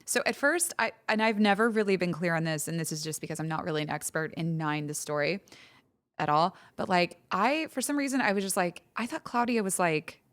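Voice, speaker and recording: A woman's voice: fairly low pitch, brisk. A woman guest on a film podcast, chatting animatedly with plenty of "like" and laughing asides. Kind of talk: casual film podcast chat.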